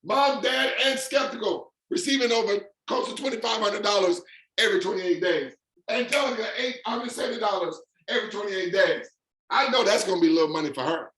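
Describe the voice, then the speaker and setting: Man, high-pitched, excited emphatic pitch, echoey room. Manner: fired-up, emphatic, drawn-out stresses. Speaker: presenter of an online income demonstration.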